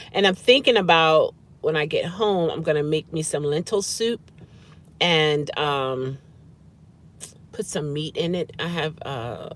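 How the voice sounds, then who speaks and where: Through slight background noise, a low-pitched woman vlogs from her car, eating and chatting. She's a rideshare driver who hums appreciatively at her food as she talks.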